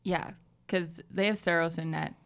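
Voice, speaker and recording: A young woman co-hosting a casual sports podcast, chatty and quick to poke fun at herself. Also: lowish voice, fairly even intonation, vocal fry, fairly bright tone. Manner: chatty, self-mocking. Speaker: podcast co-host.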